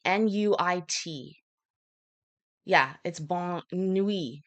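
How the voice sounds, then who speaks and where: A woman's voice: on the low side, extremely slow, a bit bright. A woman hosting a casual livestream, chatting in a rambling way with frequent fillers. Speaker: livestream host.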